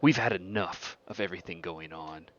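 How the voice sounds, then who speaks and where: A man's voice: deep voice, moderate pace, a bit bright, lo-fi sound. A man voicing a defiant young female werewolf who challenges her pack leader in a tabletop game.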